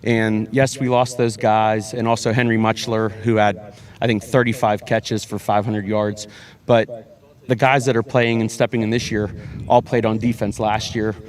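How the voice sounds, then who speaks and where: A man, a high school football head coach, talking earnestly in a sports interview, often repeating words and restarting with fillers. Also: little pitch movement, normal speed, darkish tone.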